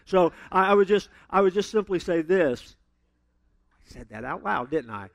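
A man's voice: sits high, expressive, normal speed, creaky, dry recording, highs cut off. A man preaching a sermon as a pastor, telling stories and acting out the people he quotes. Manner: storytelling, acts out quoted voices with big swings.

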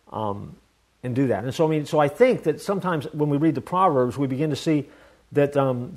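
A man's voice: on the high side, darkish tone. A man preaching a sermon in an earnest, conversational way, telling a personal story with many restarts. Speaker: pastor.

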